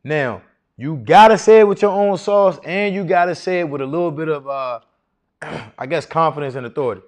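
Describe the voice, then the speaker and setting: A man's voice: on the high side, fairly quick. A man teaching a live seminar to an audience in a room, casual and confident, often asking the crowd rhetorical questions. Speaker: seminar speaker teaching contracting.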